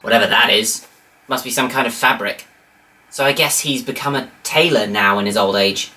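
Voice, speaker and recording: Low-voiced woman, sarcastic reviewer. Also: moderate pace, sharp tone. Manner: sarcastic, incredulous asides. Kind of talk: comedic commentary.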